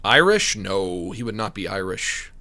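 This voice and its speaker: A man chatting on a gaming stream, rambling in a goofy, animated way at a desk microphone. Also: low voice, a little slow. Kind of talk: casual gaming stream chat.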